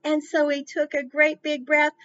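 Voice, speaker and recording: A woman presenting a library storytime, reading slowly and encouraging the children warmly as she leads them. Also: sits high, lo-fi sound. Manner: encouraging, slow, animated.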